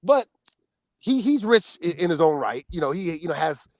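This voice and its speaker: A man co-hosting a podcast in casual chat, telling stories in an animated way with frequent laughs and high pitch leaps. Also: normal speed, no echo. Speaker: podcast co-host.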